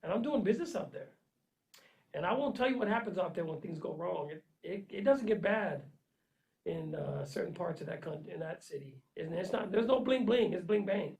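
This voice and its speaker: A man delivering an emphatic, repetitive motivational monologue, swinging between loud urging and low, intense asides. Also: expressive, normal speed, gravelly, rough recording. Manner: preachy, earnest pep talk with frequent "man" and "okay". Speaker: vlogger giving life advice.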